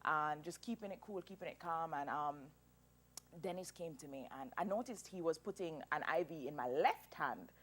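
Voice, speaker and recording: A woman in her thirties, appearing as an interview guest, tells a personal story in an animated, emotional way, laughing through tears. Her voice is low-pitched and her speed normal.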